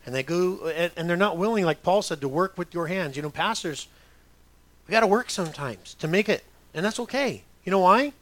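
A man's voice: sits high, animated, a little fast, a bit bright, no echo. A middle-aged man preaching a sermon as a pastor, conversational, with rhetorical questions to the congregation.

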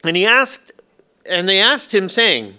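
Delivering a sermon in a church, a pastor with a high, bright voice is very animated. He leans on slow, weighty phrasing and drops playful asides to the congregation.

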